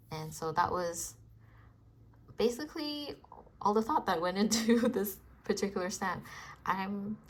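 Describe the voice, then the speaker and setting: A woman artist chatting casually about her design process, soft-spoken and hesitant, with many fillers. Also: fairly low pitch, creaky. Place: home in Los Angeles.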